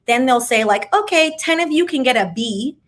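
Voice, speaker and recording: A young adult woman telling a story in a casual, animated vlog chat. She acts out what people said, with chatty asides. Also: high voice, moderate pace. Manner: animated, dramatic retelling with acted-out quotes; chatty asides, says "child" and "like" often. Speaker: vlogger.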